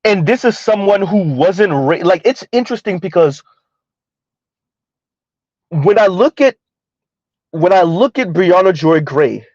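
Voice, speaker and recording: A man with a somewhat high voice gives casual live-stream commentary in a rambling, conversational way, often tagging lines with "right?". The sound is dry and a little dull, like a lo-fi home mic. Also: darkish tone, dry recording. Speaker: commentary streamer reading chat.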